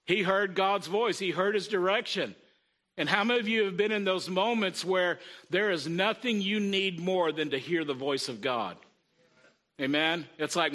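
Bright high-voiced preaching man. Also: normal speed. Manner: conversational preaching with frequent "Amen?" call-outs. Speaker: pastor. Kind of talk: sermon.

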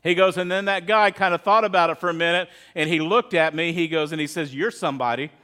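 A middle-aged male pastor with a high voice preaches to his church. He talks easily and tells a story, slipping into the voices of the people he quotes. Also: flat delivery, fast, pushed and bright, clean tone. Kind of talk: sermon.

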